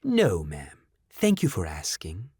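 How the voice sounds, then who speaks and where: A calm, impeccably humanlike robot speaks slowly and with flawless courtesy, its soothing manner more ominous than comforting. The lines are read in a close, dry audiobook voice, as a male narrator puts it on. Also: mid-range voice, no echo, natural voice. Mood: eerily polite. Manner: slow, courteous, formal.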